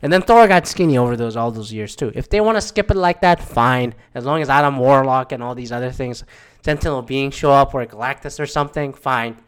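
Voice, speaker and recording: A man's voice: medium pitch, a little fast, smooth. A man giving a casual, rambling movie review, profane and exasperated, acting out quoted reactions.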